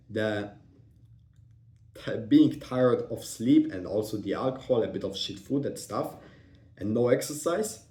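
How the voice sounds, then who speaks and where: A young man vlogging, his medium-pitched voice warm, shares a personal story in a loose, rambling way. He curses frequently and often starts sentences over, leaning on fillers. The audio carries a roomy echo.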